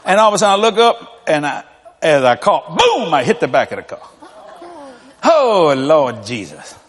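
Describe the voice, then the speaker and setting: A man in his sixties preaches in a high, lively voice that swoops all over as he tells folksy, funny stories and chuckles along. The sermon rings through a large hall with a long reverb tail. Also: normal speed, slightly rough. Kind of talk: humorous storytelling sermon.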